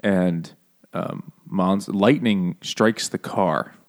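A man co-hosting a casual book podcast, joking crudely and laughing often. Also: sits low. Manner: joking, profane, quick to laugh. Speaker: podcast co-host. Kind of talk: casual book-discussion banter.

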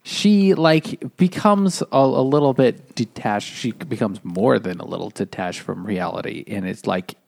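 Gravelly guy on a podcast, says like a lot, kinda halting. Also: fairly low pitch, a little mellow. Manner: halting, lots of "like". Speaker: podcast co-host. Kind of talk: casual chat about a book.

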